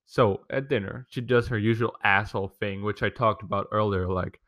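In a brisk, fairly low voice with a bit of brightness, a young podcast host rambles from home through a foul-mouthed family complaint story. It's a casual rant.

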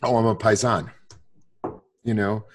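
A man's voice: fairly low pitch, level tone, measured pace, slight background noise. A man in his sixties in casual conversation, rambling with many restarts and fillers.

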